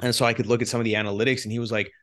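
A man's voice: mid-range voice, rapid-fire. A man from Canada, a podcast guest, telling stories in casual conversation and restarting his sentences often. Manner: animated storytelling with frequent restarts.

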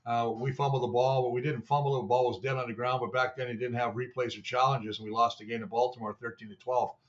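A man's voice: mid-range voice, level tone, quick pace, lo-fi sound. Older man, rambling salty sports talk. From Canada. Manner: rambling, salty storytelling with mimicry. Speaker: former player, show analyst.

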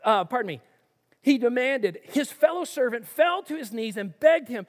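Lively preacher in a reverberant hall. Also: mid-range voice, normal speed. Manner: animated, acts out quoted voices and asks rhetorical questions. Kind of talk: sermon with scripture reading.

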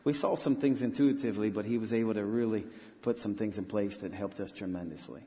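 A man with a lowish, mellow voice tells a story with earnest conviction, stopping and restarting as he goes. He is a missionary pastor being interviewed in church. His voice carries a long reverb from a large hall. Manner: earnest, halting, many restarts.

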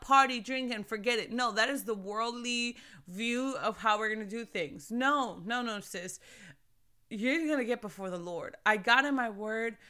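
Bright-voiced woman in her thirties. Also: a little high. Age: 30s. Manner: animated, chatty, addresses listeners as sis. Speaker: podcast host. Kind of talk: casual faith podcast talk.

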